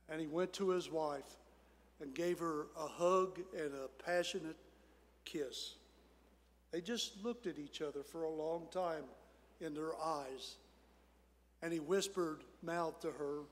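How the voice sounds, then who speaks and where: High-voiced pastor in a reverberant church. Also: male voice, measured pace, pauses often. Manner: folksy storyteller, soft hushed asides. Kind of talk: sermon with storytelling. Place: church sanctuary. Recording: church hall with long reverb.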